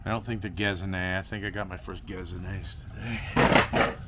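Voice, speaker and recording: A man's voice: low voice, fairly even intonation, a little slow, pushed and bright, slight background noise. A young man rambling goofily to himself and his viewers while repotting plants in a casual vlog. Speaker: plant grower vlogger.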